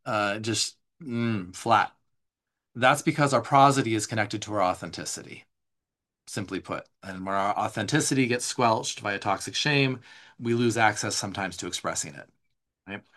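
A man leading a live somatic class, reading notes aloud and explaining them in a relaxed, conversational way, responding to viewer questions. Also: lowish voice, brisk. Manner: reads slides aloud, then explains in casual asides. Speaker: somatic teacher. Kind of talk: live online class teaching.

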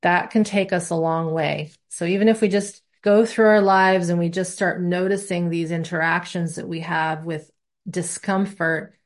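A woman teaching a body-awareness class, talking in a relaxed, conversational way. Her voice sits slightly low for a woman. She explains her ideas through everyday examples. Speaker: somatic teacher.

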